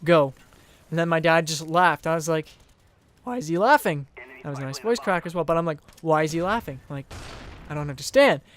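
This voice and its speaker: A man's voice: a little high, quick pace, fairly bright tone, clean tone. A young man hosting a gaming channel, casually telling a personal story over gameplay, rambling and repeating himself with small chuckles.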